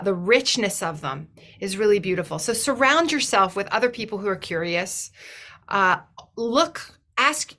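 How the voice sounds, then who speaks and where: Bright-voiced earnest woman speaker. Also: medium pitch. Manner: thoughtful, earnest, often restarts phrases. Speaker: webinar guest speaker. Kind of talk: reflective webinar talk.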